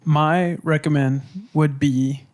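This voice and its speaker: A man's voice: on the high side, fairly even intonation, slow, darkish tone. A man hosting a podcast in casual chat, stuffy from a cold, talking in an earnest, reflective way. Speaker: podcast host.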